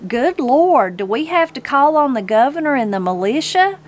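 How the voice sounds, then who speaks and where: A woman's voice: high voice, very animated, moderate pace, a little hiss or hum, voice pushed up. A woman voicing a polite, eager young male surveyor. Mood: earnest. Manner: polite, earnest.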